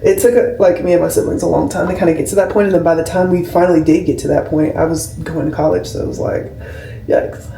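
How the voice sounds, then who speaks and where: A woman's voice: fairly low pitch, steady tone, fast talker, creaky, dark tone, slight background noise. A woman in her twenties, a nurse, chatting casually to a camera about her week, rambling and heartfelt, with lots of "like". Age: 20s. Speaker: labor and delivery nurse, vlogger. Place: home room, camera on a skincare shelf. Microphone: camera mic at a distance. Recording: roomy, slightly distant camera audio.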